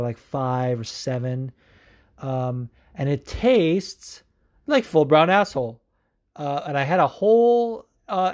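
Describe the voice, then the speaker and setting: A man's voice: medium pitch, darkish tone. A man hosting a podcast, chatting casually in a rambling, profane way with lots of filler words. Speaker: podcast host. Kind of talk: casual chat.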